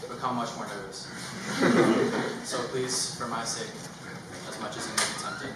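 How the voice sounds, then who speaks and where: A man's voice: mid-range voice, sing-song. Nervous man doing stand-up, distant echo. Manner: nervous, halting delivery with many ums and uhs. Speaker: stand-up comedian. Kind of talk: stand-up routine. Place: comedy stage before a live audience. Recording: echoey room from far off, loud background noise.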